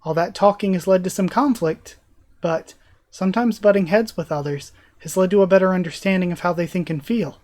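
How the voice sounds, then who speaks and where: A man reading aloud an earnest teenage boy hero's letter to his mother, in a sincere and measured way. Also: high-pitched, darkish tone, natural voice.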